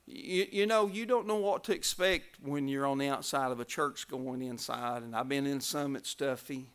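A man preaching a revival sermon, telling stories and building to loud climaxes. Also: medium pitch, normal speed, smooth.

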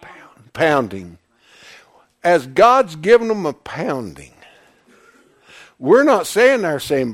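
A man's voice: on the high side, wildly swooping pitch, slow pace, pauses often. A man preaching a sermon, emphatic, firing questions at the congregation. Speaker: pastor.

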